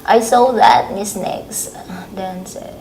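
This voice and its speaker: A woman reading viewer comments aloud on a livestream, soft-spoken and giggly. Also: mid-range voice, fairly even intonation, slow pace, slight background noise, poor audio.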